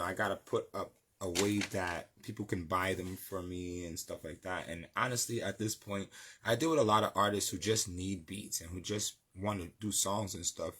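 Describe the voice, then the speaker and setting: A man's voice: sits low, a bit bright, breathy edge. A man from New City, a music producer chatting casually as an interview guest, laid-back and slangy with lots of fillers. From New York City.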